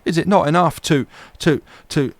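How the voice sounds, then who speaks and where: A man's voice: on the high side, normal speed, dry recording, voice pushed up, lightly acted. A man voicing a self-pitying, melodramatic romantic young man, declaiming in a raised, theatrical voice for a storybook reading. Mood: aggrieved.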